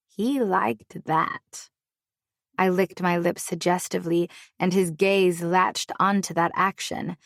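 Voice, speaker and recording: A woman's voice: on the low side, creaky, dry recording, clean studio sound. A woman narrating a first-person romance audiobook with a wry, sultry, playful delivery.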